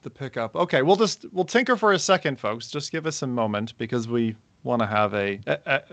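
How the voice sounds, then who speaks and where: A man's voice: medium pitch, animated, a little fast, a bit bright, no echo. A man hosting a casual podcast, introducing a co-host with playful jokes and chatting with the audience. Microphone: remote call setup.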